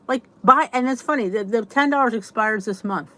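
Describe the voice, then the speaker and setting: A woman's voice: medium pitch, a little fast, few pauses, fairly bright tone. A woman hosting a casual livestream chat, greeting viewers by name and rambling through chatty asides. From United States. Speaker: livestream host.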